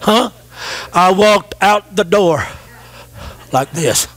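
A middle-aged man preaching a sermon as pastor, calling out to the congregation and swinging from shouted refrains to low, quick asides. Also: expressive.

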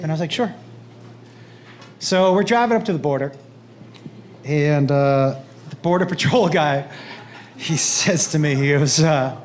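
A middle-aged man with a notably high voice performs stand-up on a club stage, storytelling with lively, animated delivery as he slips into quick voices for the people in his tale. A faint hum of the room sits behind him. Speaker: stand-up comedian. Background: audience laughter.

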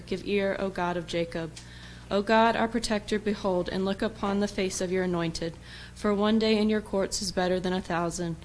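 A woman reads psalms in a calm, even liturgical manner. Her pitch is mid-range. A faint hiss sits under the church recording. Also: rough recording. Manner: even measured reading, softer in the hymns. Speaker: reader.

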